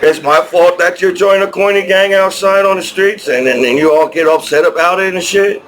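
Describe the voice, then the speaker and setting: Middle-aged New Jersey man, high voice, aggrieved rambling vlogger with stammering restarts, light background noise. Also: fairly quick, a bit bright, poor audio. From New Jersey, USA. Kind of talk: rambling monologue to camera.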